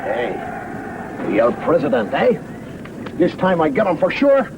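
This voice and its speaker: A man's voice: on the high side, wildly swooping pitch, highs cut off, very noisy, voice pushed up, exaggerated voice. A comedian voicing a scheming, boastful male revolutionary. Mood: gleeful scheming. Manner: cackling, boastful, drawn-out. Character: scheming male Mexican revolutionary bomber, gleeful.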